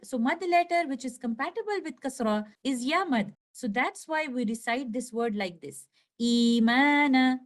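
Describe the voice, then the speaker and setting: High-voiced woman teaching pronunciation. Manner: slow, clear explanation, stretching example words. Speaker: tajweed teacher. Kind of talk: recorded lesson with slides.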